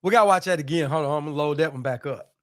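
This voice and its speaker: Rapid-fire and loose, a high-voiced man chats with his live-stream viewers, tossing in slang and quick asides. He greets people by name and keeps the banter relaxed.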